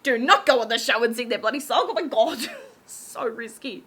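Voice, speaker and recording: A woman's voice: fairly high pitch, animated, moderate pace, bright, forceful tone, breathy edge. Bubbly giggly young woman. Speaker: YouTuber recapping a TV show. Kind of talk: casual chat.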